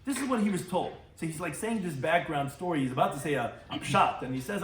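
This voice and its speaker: A man's voice: on the high side, lively intonation, fast talker, few pauses, roomy sound, distant mic, a little hiss or hum. A man, a rabbi, giving a Talmud lecture and translating Hebrew and Aramaic terms as he goes. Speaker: rabbi teaching a daily Talmud class.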